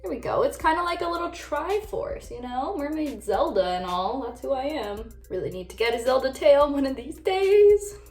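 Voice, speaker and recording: A woman's voice: sits high, big pitch swings, moderate pace, few pauses, a little mellow, faint music behind. Bubbly young woman chatting, roomy room. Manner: bubbly, chatty, frequent "like" fillers. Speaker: vlogger. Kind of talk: casual get-ready-with-me chat.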